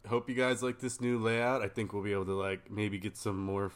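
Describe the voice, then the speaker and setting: A man's voice: on the low side, completely flat delivery, a little fast. A man co-hosting a podcast in casual chat, with joking asides. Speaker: podcast co-host.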